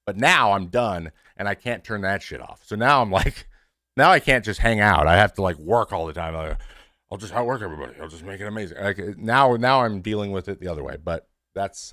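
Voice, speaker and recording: The host, a man in his thirties who used to pitch, addresses his stream audience in a frank, casual way full of swearing and restarts. His tone is sharp, and the studio sound is clean and dry.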